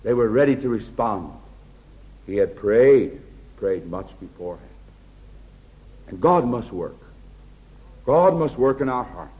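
A man's voice: mid-range voice, lively intonation, a little slow, pauses often. American man, preaching a sermon, earnest and tender, voice rising and falling a lot, tinny phone-like sound. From United States. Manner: earnest, often drops to a hushed, tender tone.

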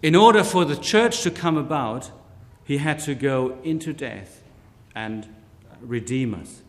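A man preaching a sermon slowly and deliberately, lifting his voice on key words. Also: medium pitch. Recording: long hall reverb.

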